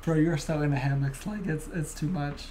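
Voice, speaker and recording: A man's voice: a little high, fairly even intonation, moderate pace, mellow, a little hiss or hum. A young man co-hosting a podcast in casual chat, laid-back and swearing a lot, calling his friend bro and dude. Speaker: podcast co-host.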